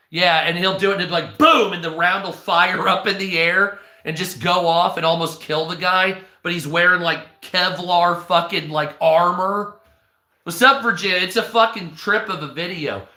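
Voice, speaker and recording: A man hosting a live stream, rambling in casual, profane chat and telling animated stories. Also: fairly high pitch, reverberant.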